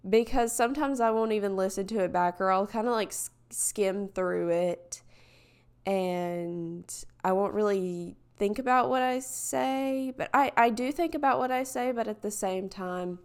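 A woman's voice: medium pitch, measured pace, clean tone. A woman hosting a casual solo podcast, talking in a hesitant, rambling way full of fillers, candid and reflective. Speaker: podcast host.

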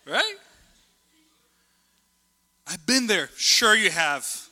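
Male preacher, conversational sermon, slightly high voice, reverberant hall. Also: takes it slowly, pauses often. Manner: animated, conversational, jumps between stories.

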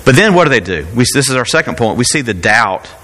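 Lively, bright-voiced male preacher in a hall. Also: mid-range voice, fast talker. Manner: conversational preaching with rhetorical questions. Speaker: pastor. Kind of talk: sermon.

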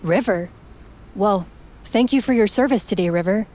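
A woman's voice: mid-range voice, normal speed, dark tone, lightly acted. A woman voicing the commander of the freedom fighters, giving orders and thanks. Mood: commanding.

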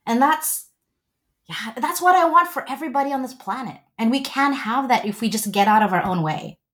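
A relationship coach in her forties appears as a guest in a casual interview, telling stories with gushing, animated energy. She speaks fairly quickly in a fairly high pitch.

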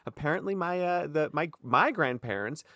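Animated joking man on a podcast. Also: on the high side, moderate pace, no echo, studio quality. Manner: animated, jokey, self-mocking. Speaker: podcast co-host. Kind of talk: casual chat.

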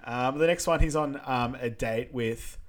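A man co-hosting a podcast, chatting casually in a relaxed way, with plenty of fillers and laughing along. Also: medium pitch, measured pace. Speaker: podcast co-host. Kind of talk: casual chat.

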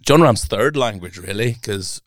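A man's voice: fairly low pitch, lively intonation, normal speed, no echo, clean studio sound. A man co-hosting a sports podcast, chatting in a teasing, jokey way. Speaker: podcast co-host, sports reporter. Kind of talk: casual podcast chat.

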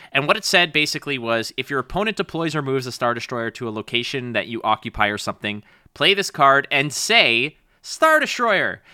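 A man co-hosting a podcast, chatting casually and acting out quotes in animated stories. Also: mid-range voice, smooth, no echo, studio quality. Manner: animated storytelling, acts out quotes. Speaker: podcast co-host. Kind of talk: casual chat.

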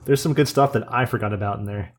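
A man's voice: on the low side, fast talker. Joking male podcast co-host. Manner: jokey storyteller, acts out quotes. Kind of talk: casual podcast chat about an online game.

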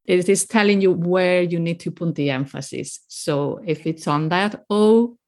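A woman teaching Spanish pronunciation, patient and clear as she models words and explains rules. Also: fairly low pitch, measured pace, a little mellow. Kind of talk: language lesson.

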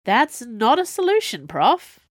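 A woman voicing a blunt, gruff, protective young male student in an audiobook. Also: fairly high pitch, huge pitch swings, measured pace, no echo, clean studio sound, voice pushed up, full character voice.

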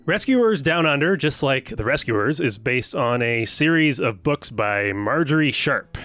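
Bright-voiced podcast host. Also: male voice, medium pitch, animated, unhurried, soft background music. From United States. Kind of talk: casual chat and film background.

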